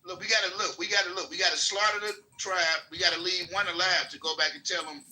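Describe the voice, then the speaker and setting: A man's voice: sits high, steady tone, fast talker, heavy background noise. A man, a guest on a live stream, telling loose slangy stories and acting out the quotes. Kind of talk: profane casual live-stream chat.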